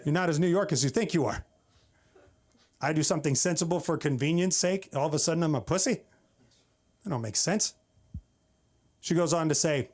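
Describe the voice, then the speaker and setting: A man's voice: on the high side, a little fast, pauses often. A man from the Bay Area, doing a wry, exasperated open-mic stand-up set on a comedy club stage. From San Francisco Bay Area. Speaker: stand-up comic.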